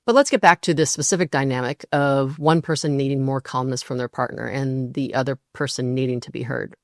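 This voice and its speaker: Steady measured woman, dry close sound. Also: very deep voice, no echo. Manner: measured, steady, acts out quoted partners in brief voices. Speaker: relationship podcast host. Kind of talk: calm explanatory monologue.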